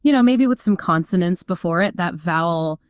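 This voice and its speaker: A woman's voice: fairly low pitch, lively intonation, normal speed, smooth, dry recording. A woman co-hosting a casual explainer chat, upbeat and explanatory, with frequent fillers. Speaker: co-host.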